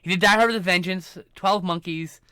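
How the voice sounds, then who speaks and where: A man's voice: sits high, a little fast, pushed and bright, clear, resonant tone, no room sound, clean studio sound. A man streaming live, ranting casually and profanely about movies while working through his film collection. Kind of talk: casual livestream rant.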